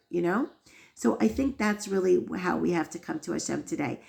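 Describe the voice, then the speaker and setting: Earnest woman teaching with gravelly voice. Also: on the low side, animated, moderate pace, a little mellow. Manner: earnest, storytelling, emphatic. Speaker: Torah teacher. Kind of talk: inspirational religious lesson.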